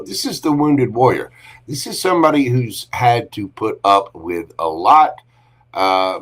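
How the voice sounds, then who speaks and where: A man hosting a casual livestream tarot reading, chatty and affectionate, greeting viewers with pet names. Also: medium pitch. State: briefly coughing and choked up.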